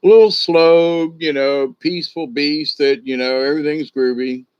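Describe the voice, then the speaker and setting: A man's voice: a little high, fairly even intonation, normal speed, clear, resonant tone, dry recording. A man, a shaman, casually telling a folk tale, rambling with many "you know"s and restarts. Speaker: shaman storyteller. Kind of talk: casual spoken storytelling. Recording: dull lo-fi recording.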